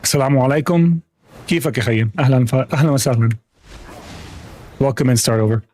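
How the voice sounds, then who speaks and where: A man's voice: mid-range voice, rapid-fire, darkish tone, faint music behind. A young man chatting casually with viewers while livestreaming a game, rambling with lots of restarts and easy laughs. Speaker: gaming livestreamer. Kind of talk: casual chat while gaming.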